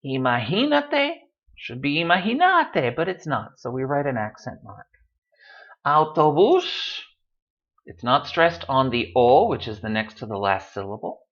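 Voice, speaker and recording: Male tutor, patient explainer, lively swooping delivery; dull lo-fi recording. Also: mid-range voice. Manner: patient, explanatory, repeats words slowly for emphasis. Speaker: Spanish tutor. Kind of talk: online language lesson. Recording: dull lo-fi audio.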